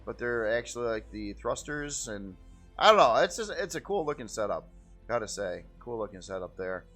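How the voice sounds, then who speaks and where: Man, game video host, casual rambling commentary, fairly low voice, faint music behind. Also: expressive, moderate pace. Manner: easygoing, rambling, repeats "really cool".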